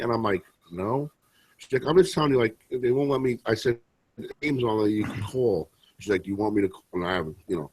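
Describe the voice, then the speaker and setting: Husky man rambling crudely. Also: lowish voice, no echo, rough recording. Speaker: co-host. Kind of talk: casual podcast banter.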